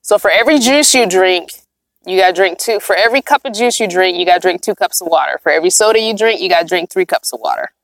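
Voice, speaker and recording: Low-ish and fast with noticeable vocal fry, this woman's voice comes through with no echo. A vlogger who makes her home in a van, she sits inside it for a casual livestream, reading viewers' comments aloud and often laughing.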